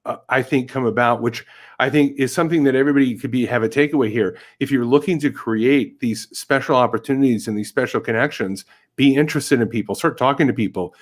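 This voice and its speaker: A man's voice: medium pitch, quick pace. Man hosting a casual interview. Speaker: podcast host.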